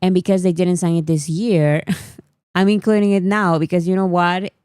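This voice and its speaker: A woman's voice: fairly low pitch, fairly even intonation, normal speed, a little mellow, clear, resonant tone, no room sound, clean studio sound. A woman from Peru, chatting casually on a livestream and laughing often. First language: Spanish. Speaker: livestream host.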